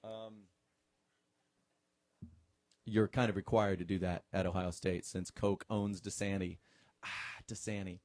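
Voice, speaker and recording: A middle-aged man reads a novel aloud in a low, warm, mellow voice. He is a radio host who drops easygoing, joking asides between passages. His voice sounds dry and close. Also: steady tone, measured pace, long pauses, no room sound.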